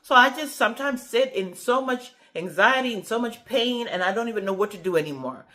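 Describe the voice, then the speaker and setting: A woman's voice: medium pitch, brisk. Chatty woman in her forties vlogging. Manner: chatty, animated retelling, frequent "okay?" check-ins. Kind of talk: casual talk to camera.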